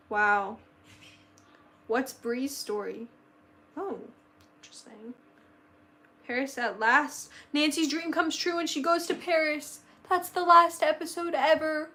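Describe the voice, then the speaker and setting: A teenage girl chatting casually on a live stream, excitable and nostalgic, gasping often and saying "like" a lot. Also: sits high. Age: teen, about to turn sixteen. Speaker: livestreamer.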